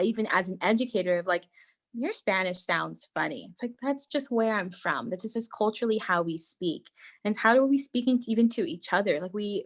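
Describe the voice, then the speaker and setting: A woman's voice: mid-range voice, a bit bright. A young woman from Puerto Rico, a bilingual teacher speaking on an online panel about language in schools, earnest and questioning, often restarting her sentences. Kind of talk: panel discussion. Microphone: video call.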